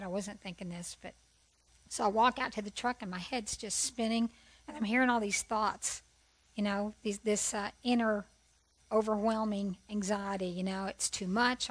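At a women's conference, a middle-aged woman with a mid-range voice gives a personal testimony sermon, earnest and conversational, often posing rhetorical questions. The audio quality is poor.

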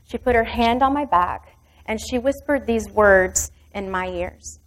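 A woman's voice: a little high, measured pace. Woman pastor telling a personal story. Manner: vivid, intimate storytelling.

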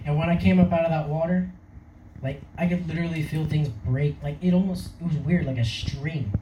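A man's voice: fairly high pitch, brisk, roomy sound, distant mic, very noisy. A young man giving his personal testimony in a casual, rambling way, laughing often. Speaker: testimony speaker.

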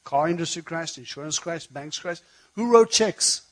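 A man preaching a sermon, telling a personal story in a conversational, animated way. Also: a little high, moderate pace, low-quality recording.

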